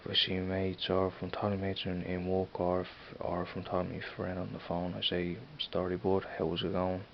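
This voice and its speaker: A gravelly, low voice with completely flat delivery moves along briskly as a Dublin-accented Irish vlogger rambles to camera. His talk is hesitant, packed with fillers and restarts, recorded on a camera mic with dull lo-fi sound and faint hiss.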